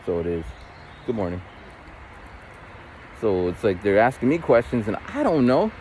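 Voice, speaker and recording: A man's voice: on the low side, sing-song, moderate pace, dark tone. Guy in his 40s vlogging on a walk, rambly and loose, cusses a bit, light street noise. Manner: rambling, loose, swears casually. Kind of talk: casual walking monologue.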